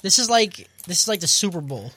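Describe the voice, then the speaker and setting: A man's voice: high voice, big pitch swings, brisk, bright, forceful tone. A young man co-hosting a casual podcast, teasing the others and swearing freely. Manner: teasing, profane. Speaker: podcast co-host.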